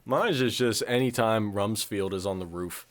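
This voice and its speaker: Lower-voiced man hosting a podcast. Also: moderate pace, a little hiss or hum. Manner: laughs often, runs the rating segment. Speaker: podcast host. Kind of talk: casual chat.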